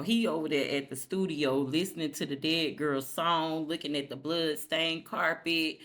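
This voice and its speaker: A woman's voice: deep voice, moderate pace, hardly any pauses, fairly bright tone. A woman giving a casual episode recap to her viewers in a slangy, profane way that speaks straight to them.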